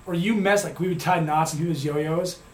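A man's voice: on the high side, a little fast. A man in casual chat, teasing and throwing in joking remarks. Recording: roomy echo.

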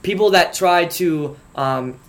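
A man's voice: on the high side, slow pace. A man co-hosting a casual talk show, telling stories and reading out odd lawsuits in a joking way. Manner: animated, joking storyteller. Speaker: podcast co-host. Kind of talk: casual storytelling chat.

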